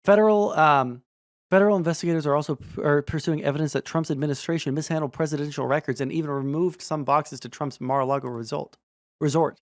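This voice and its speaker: A streamer reacting to news clips live, sarcastic and prone to loud, swearing outbursts. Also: medium pitch, steady tone, fast talker.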